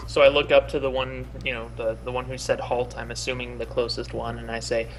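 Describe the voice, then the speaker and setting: A man playing a tabletop game, describing his actions in a measured, matter-of-fact way. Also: medium pitch, level tone, very noisy. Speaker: player. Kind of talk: casual tabletop game chat.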